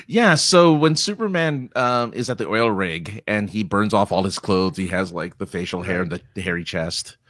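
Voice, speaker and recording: A man co-hosting a casual chat, animated and self-mocking, laughing often. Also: lowish voice, moderate pace, few pauses, no echo, clean studio sound.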